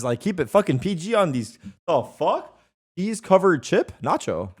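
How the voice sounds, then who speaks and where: A man's voice: sits high, sing-song, normal speed, breathy edge. A young man streaming live, bantering with his chat in a loose, defensive way and swearing freely.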